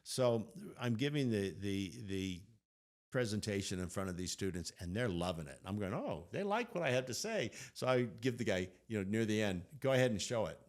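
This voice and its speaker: Animated storytelling man. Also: fairly low pitch, brisk. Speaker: podcast co-host. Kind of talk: casual storytelling chat.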